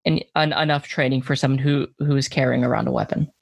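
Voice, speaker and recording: A man in a casual podcast discussion, speaking haltingly and stumbling over his words. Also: mid-range voice, steady tone, gravelly, breathy edge, no room sound.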